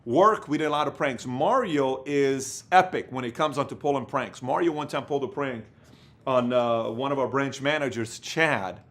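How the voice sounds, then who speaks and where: Animated storytelling businessman. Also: mid-range voice. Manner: animated, rambling storytelling with many fillers. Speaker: company leader giving business advice. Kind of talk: motivational business talk.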